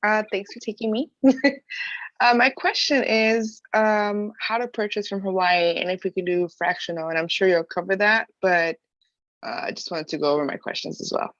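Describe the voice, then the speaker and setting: A woman's voice: mid-range voice, normal speed, a bit bright, no room sound. A woman attending an online event, asking a question over a video call, a little hesitant as she talks. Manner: hesitant, with fillers. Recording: dull, dry video-call audio.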